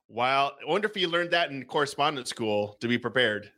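Bright-voiced joking man reading aloud. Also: medium pitch, animated, fairly quick. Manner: jokey, laughs often. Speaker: co-host and game reader. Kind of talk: casual chat, reading game cards aloud.

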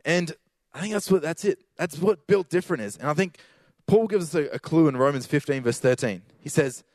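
A man's voice: medium pitch, a little fast, darkish tone, dry recording. A man giving a casual sermon with slang, building to emphatic repeated lines.

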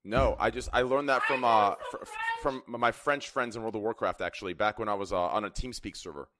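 A man's voice: fairly low pitch, brisk, fairly bright tone. A man hosting a casual group video call, playful, stammering and repeating his words as he talks. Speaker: host of a group video chat. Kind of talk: casual chat.

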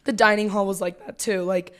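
A woman's voice: medium pitch, steady tone, fairly quick, clear, resonant tone. A young woman with an American accent co-hosting a podcast, talking casually with lots of fillers and trailing sentences. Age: young adult. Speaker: podcast co-host. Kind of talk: casual chat.

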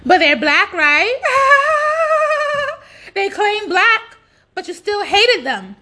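High-pitched woman ranting hard, cussing a lot, saying stuff twice to drive it home. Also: sing-song, slow pace, bright, forceful tone. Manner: blunt, heavy profanity, emphatic repetition. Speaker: social media commentator. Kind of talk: ranting monologue.

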